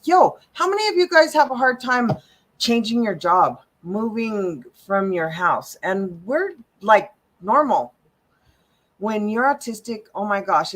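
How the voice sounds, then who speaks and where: A woman hosting a casual live stream as an alternative health specialist, animated and slangy, with frequent exclamations. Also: on the low side.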